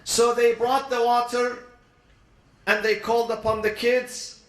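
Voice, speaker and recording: Man preaching a story, short emotional bits, lots of pauses, echoey room. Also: sits high. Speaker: speaker at a youth event. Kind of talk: sermon storytelling. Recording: roomy echo.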